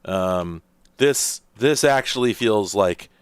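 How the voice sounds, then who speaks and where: A man's voice: on the low side, lively intonation, slow pace, clear, resonant tone, no echo, studio quality. A man hosting a casual let's-play, rambling and thinking aloud with lots of fillers as he plays. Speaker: host.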